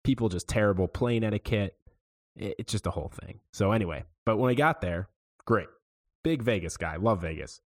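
A young man co-hosting a podcast, telling a rambling weekend story in a relaxed, casual way. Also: on the low side, a little fast. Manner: laid-back rambling storyteller. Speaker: podcast co-host. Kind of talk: casual chat.

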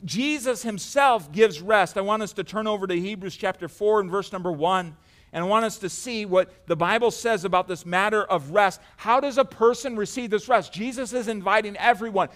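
A man preaching a sermon, repeating words and swinging between emphatic declarations and quiet, hushed passages. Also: high-pitched.

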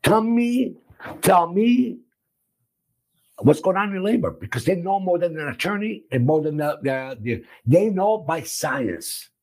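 A man from Italy, a restaurant owner, talking emphatically and loudly, repeating himself in an animated interview. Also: a little high, moderate pace, few pauses. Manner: emphatic, repetitive, loud and expressive.

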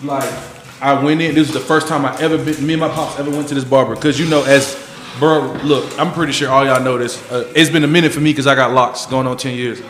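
Animated storytelling man in an echoey room. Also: mid-range voice, quick pace, a little hiss or hum. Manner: animated, swears freely, acts out other people in stories. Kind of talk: casual storytelling banter.

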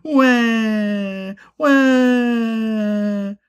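A man voicing a tiny, excitable male skunk, the little brother, with a childlike high voice that breaks into wailing, in a storybook reading. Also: extremely slow, husky, highs cut off, full character voice.

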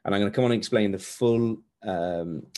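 A man's voice: lowish voice, fairly quick, warm tone. A man in his forties hosting a podcast, giving an earnest, candid motivational monologue with repeated emphatic phrases. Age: 40s. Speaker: podcast host.

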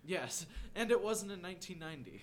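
Young male podcast co-host, raised pitch, animated delivery, jokey. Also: a little fast, slight background noise. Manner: joking, laughs often. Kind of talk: casual chat.

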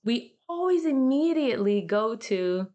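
A woman's voice: on the high side, sing-song, unhurried, dark tone. A woman hosting her own podcast, talking to listeners in a casual, slangy way. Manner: slangy, chatty, addresses listeners as y'all. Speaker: podcast host. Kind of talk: casual solo podcast monologue.

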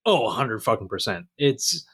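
A man's voice: fairly low pitch, sing-song, normal speed, fairly bright tone, slightly rough. Blunt, joking podcast host man. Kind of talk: casual podcast chat.

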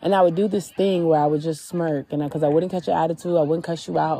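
A woman's voice: low voice, steady tone, vocal fry, dark tone, husky. A woman hosting a podcast, candidly and reflectively telling her personal faith testimony. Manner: candid and reflective, with drawn-out pauses. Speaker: podcast host.

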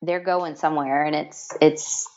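A woman's voice: low-pitched, steady tone, measured pace, a little mellow, lo-fi sound. A middle-aged woman telling heartfelt stories in conversation, earnest and emotional, with many restarts and fillers. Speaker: guest. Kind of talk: storytelling in conversation.

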